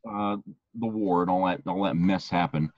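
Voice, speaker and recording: Husky-voiced man, casual podcast chat. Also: low-pitched, a little mellow, no echo, highs cut off. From Maine, USA. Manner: halting, lots of "uh" and "you know". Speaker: podcast co-host.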